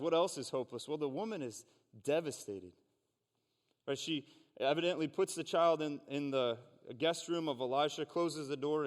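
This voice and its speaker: Man preaching in a reverberant hall. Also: medium pitch. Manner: earnest, conversational preaching with asides. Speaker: pastor. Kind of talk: sermon with scripture reading. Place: church sanctuary.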